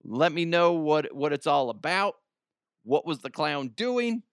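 A man's voice: fairly high pitch, very animated, unhurried, clear, resonant tone, no room sound, clean studio sound. A man hosting a podcast, rambling through a casual comedic monologue and laughing at his own jokes. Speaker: podcast host.

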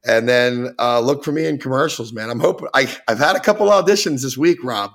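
A man's voice: medium pitch, brisk, vocal fry, fairly bright tone. Rowdy storytelling man in his forties. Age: 40s. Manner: rowdy, swearing, acts out voices in his stories. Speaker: podcast guest. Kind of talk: casual storytelling chat.

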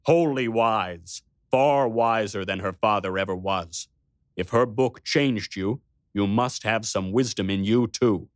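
A man voicing a kind, wise and jolly bearded old king in an audiobook, speaking slowly and gravely. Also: fairly low pitch, no room sound, studio quality, lightly acted. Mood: solemn, kindly. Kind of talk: audiobook character voice.

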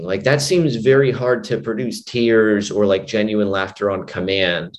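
A man's voice: lowish voice, fairly even intonation, unhurried. A man, a hypnotist and mind coach, telling a long story as a guest in a casual interview, rambling with lots of "you know" and "like". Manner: rambling, full of "you know" and "like", frequent restarts.

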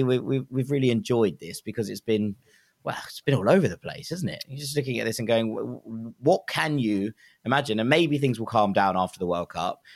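A man co-hosting a football podcast, chatting casually and often doubling his words as he finds his way into a sentence. His voice sits at an everyday middle pitch. It sounds close and dry, with no room around it. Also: dry recording. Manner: chatty, repeats words when starting sentences.

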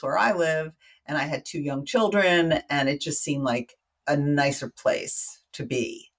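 An American woman, a guest on an interview show, spinning out a personal story in easy conversation. She is animated and chatty, and she keeps dropping wry little asides as she goes. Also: sits low. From United States.

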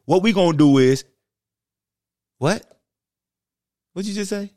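A man's voice: sits high, animated, slow, darkish tone, no echo, clean studio sound, voice pushed up. A man voicing his own brash, petty alter ego in a comic sports podcast skit, mocking and interrupting.

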